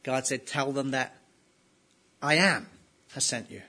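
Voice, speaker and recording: A man's voice: mid-range voice, measured pace. A man preaching an expository sermon, asking his listeners rhetorical questions and pressing hard on key phrases. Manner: emphatic, rising to loud stresses on key phrases.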